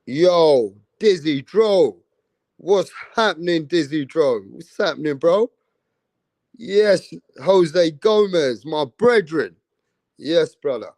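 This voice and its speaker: A man's voice: a little high, expressive, slow pace, darkish tone, dry recording. Slangy man hosting a boxing stream. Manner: greets viewers by name with street slang. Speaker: boxing livestream host. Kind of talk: casual live stream chat.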